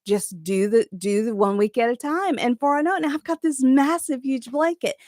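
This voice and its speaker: A woman's voice: high voice, brisk, a little mellow, dry recording, studio quality. A woman hosting a live crochet chat from her craft room at home, chatty, rambling and encouraging.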